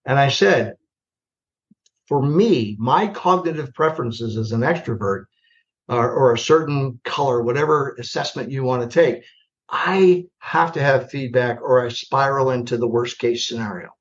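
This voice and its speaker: An older man, a retired army general, telling stories as a podcast guest, animated and self-deprecating, acting out the dialogue. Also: mid-range voice, moderate pace. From United States. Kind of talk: storytelling in a podcast interview. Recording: slightly dull lo-fi podcast audio.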